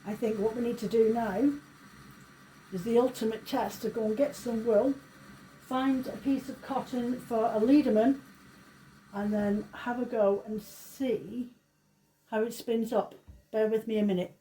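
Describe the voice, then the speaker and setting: A woman's voice: on the high side, fairly even intonation, a little slow, dark tone, a little hiss or hum, low-quality recording. A woman running a craft demonstration, chatting through each step in a casual, self-deprecating way. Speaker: craft shop owner demonstrating.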